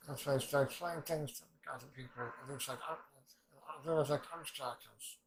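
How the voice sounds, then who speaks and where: A man hosting an anime reaction video, talking in a rambling, halting way and swearing often. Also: mid-range voice, noisy background. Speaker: anime reaction channel host. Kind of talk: casual reaction commentary.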